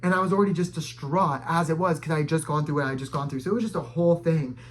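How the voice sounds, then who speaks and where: A young adult man telling a dramatic personal story in casual storytime style, full of "like" fillers and sudden loud, high bursts. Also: very fast. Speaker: storytime vlogger.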